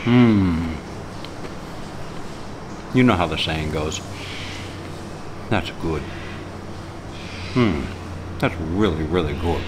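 A man's voice: sits low, animated, extremely slow, pauses often, background noise. A man filming a casual travel vlog in a roadside café, chatty and enthusiastic, rambling with restarts. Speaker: travel vlogger.

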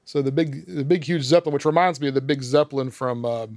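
A man's voice: medium pitch, steady tone, fast, a little mellow, no echo, studio quality. A man on a casual film podcast, walking through the plot step by step and laughing often. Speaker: podcast host recapping a film.

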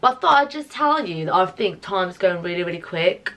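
A woman's voice: on the low side, lively intonation, brisk, a bit bright. A young woman talks straight to her camera at home. She rambles from one thought to the next in a playful, chatty way and keeps turning to her viewers with little asides. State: out of breath. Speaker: vlogger. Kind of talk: casual vlog to camera. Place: home, indoors.

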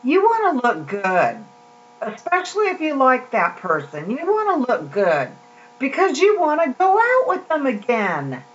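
A woman's voice: high-pitched, huge pitch swings, a little slow, muffled recording, slight background noise. A woman giving a casual, heartfelt devotional talk to her viewers, rambling with many fillers and restarts. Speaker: Christian vlogger.

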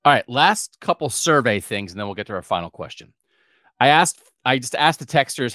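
Guy on a football podcast, super lively voice, dry close sound, talks with lots of likes. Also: mid-range voice, a little fast, no echo. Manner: animated, chatty, thinking aloud with many "like"s. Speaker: podcast co-host. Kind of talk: casual sports talk podcast.

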